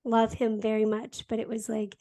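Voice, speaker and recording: A woman's voice: a little high, completely flat delivery, moderate pace, mellow. A young woman hosting a casual conversation, talking candidly, laughing often and restarting her sentences. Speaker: podcast host.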